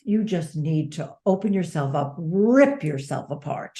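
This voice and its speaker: A woman's voice: on the low side, expressive, moderate pace, few pauses, dark tone. A woman who is an author and dementia advocate, speaking as an interview guest in an earnest, reflective way, stressing key words. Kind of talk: conversational interview.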